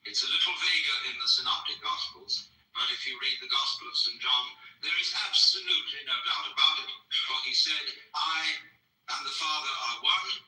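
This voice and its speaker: Man, public lecture, witty storyteller, animated pitch, distant mic, roomy hall. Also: a little fast.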